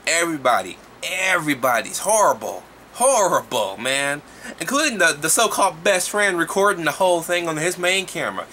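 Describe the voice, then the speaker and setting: A man giving a casual, profane movie review, talking in an animated, exasperated way. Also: fairly high pitch, normal speed, slight background noise.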